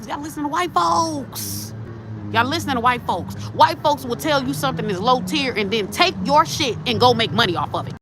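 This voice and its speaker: A high-pitched woman talks with a lively, swooping delivery, ranting bluntly and profanely as a tarot channel host. The recording is noisy, with traffic passing outside. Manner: blunt, profane and animated, talking straight at the camera. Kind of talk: casual ranting commentary.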